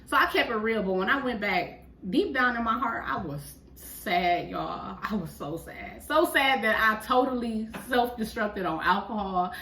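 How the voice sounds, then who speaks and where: An animated woman tells a story and acts out the voices of people in it. Her tone is bright and forward. She sits a little back from the mic in an echoey room with faint noise. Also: a little high, normal speed, hardly any pauses, recorded from a distance. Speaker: podcast co-host. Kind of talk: casual storytelling chat.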